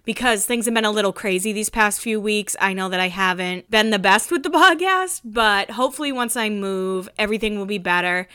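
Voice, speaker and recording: A woman's voice: medium pitch, fairly quick, few pauses, sharp tone, clear, resonant tone, dry recording, clean studio sound. A woman in her thirties hosting a podcast, chatting casually with giggly asides while getting over a cold. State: has a cold. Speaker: podcast host. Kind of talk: casual recap chat.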